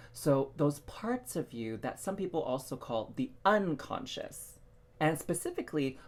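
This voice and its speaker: Spiritual coach, male, animated talk, very expressive pitch, leans on rhetorical questions. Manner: animated, drawn-out emphasis on key words; addresses viewers directly with rhetorical questions. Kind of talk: casual spiritual self-help talk.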